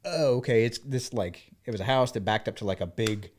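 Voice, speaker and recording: Animated storytelling man in his thirties. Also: lowish voice, a little fast. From American South. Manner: animated storyteller who acts out quoted dialogue. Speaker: podcast co-host. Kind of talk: casual chat.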